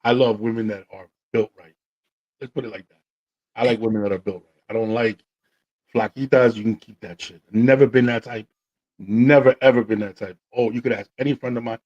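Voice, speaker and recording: Male podcast host, casual slangy storyteller, mid pitch, slightly dull lo-fi sound. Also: brisk. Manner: animated, slangy, acts out quotes.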